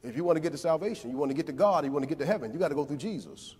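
A man preaching a sermon in a church, building to near shouts and then dropping low again. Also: lively intonation, rapid-fire, breathy edge. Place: church sanctuary. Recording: long church hall reverb.

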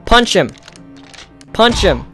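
A young man giving let's-play commentary on a console game. He sounds exasperated and breaks into loud, frustrated outbursts. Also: high voice, big pitch swings, slow pace, soft background music. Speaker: gamer.

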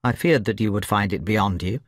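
Audiobook part: male narrator doing a confident, playful detective, crisp delivery, dry close mic. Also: fairly low pitch, a little fast, no echo, voice pushed down, close to an everyday voice. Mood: assured.

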